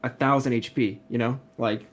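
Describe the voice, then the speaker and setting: A man's voice: medium pitch, steady tone, normal speed. A man who is a guest on a casual gaming podcast, with a mid-range voice. He talks eagerly, filling his sentences with "like" and "you know.". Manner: filler-heavy, enthusiastic, lots of "like".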